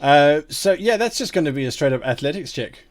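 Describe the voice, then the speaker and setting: A man's voice: a little high, animated, brisk. A man serving as game master, narrating a tabletop game with vivid, playful description.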